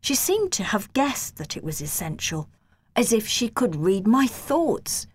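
A woman reading a children's story aloud in a slow, gentle manner. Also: fairly high pitch, sing-song, husky. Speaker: narrator.

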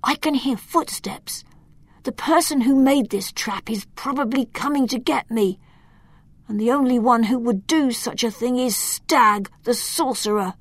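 A woman voicing an injured, gentle male forest elf who talks in an earnest, pleading way, as in a storybook reading. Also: fairly high pitch, unhurried, no room sound, pitched above the performer's own voice. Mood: alarmed. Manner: pleading, urgent.

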